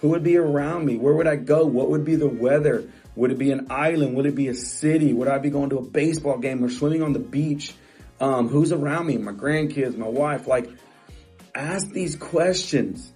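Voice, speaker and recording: Emphatic husky-voiced male coach. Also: medium pitch, normal speed, mellow, faint music behind. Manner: emphatic, repeats phrases, frequent restarts. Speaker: real estate coach. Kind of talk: motivational talk to camera.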